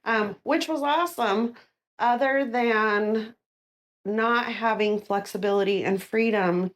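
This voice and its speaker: A woman's voice: fairly high pitch, slow pace. Earnest middle-aged woman, interview guest. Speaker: guest, insurance agent. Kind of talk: casual interview conversation.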